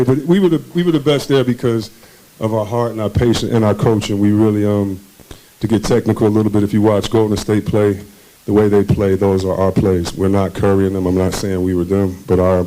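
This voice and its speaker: A man who used to play basketball is interviewed on a conference stage, where he casually and animatedly tells stories, performs the voices of people he quotes, and laughs often. His voice is low-leaning and mellow, captured in a rough recording with slight hiss or hum.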